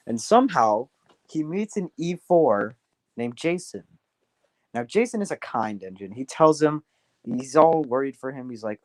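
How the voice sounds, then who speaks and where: A man's voice: mid-range voice, animated, measured pace, darkish tone, no room sound. Rambling man telling a story on stream. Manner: rambling, many restarts and fillers. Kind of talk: casual livestream storytelling.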